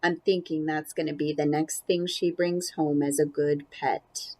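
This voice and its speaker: A woman reading a picture book aloud to children, animated and playful, with chatty asides about the pictures. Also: low-pitched, a little slow. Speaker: storybook reader.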